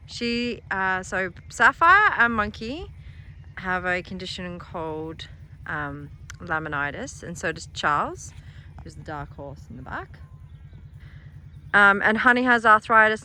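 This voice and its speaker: Outdoors in farm paddocks, a middle-aged Australian woman films a casual vlog of her animal sanctuary on a handheld phone, so her voice drifts closer and farther. She chats warmly and affectionately, cooing at the animals in a high baby voice. There's a little hiss or hum.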